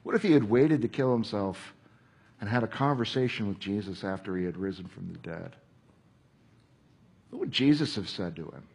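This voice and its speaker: A man's voice: lowish voice, expressive, normal speed, creaky, long pauses, a little mellow, husky. A man preaching a sermon in a conversational way, acting out quoted voices and at times dropping to a whisper. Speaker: pastor.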